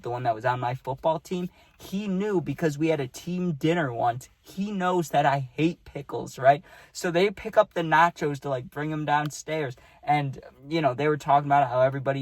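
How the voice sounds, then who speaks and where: A man's voice: mid-range voice, dry recording. A young man casually telling a rambling personal story, peppering it with "dude" and "right?".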